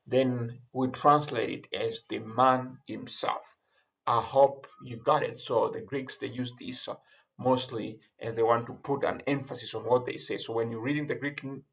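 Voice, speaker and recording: A man explains Greek grammar in a slow, halting lecture full of repeated words. His voice has a gravelly texture. The recording sounds a little dull and lo-fi. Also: medium pitch. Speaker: Greek teacher.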